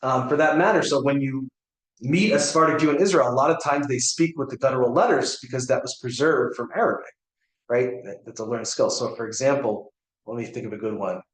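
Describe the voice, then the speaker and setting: A man's voice: medium pitch, fairly quick. An American man, a rabbi, teaching a class in a casual way, with many fillers and restarts and frequent checks on his students. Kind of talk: informal class lecture. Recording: echoey room.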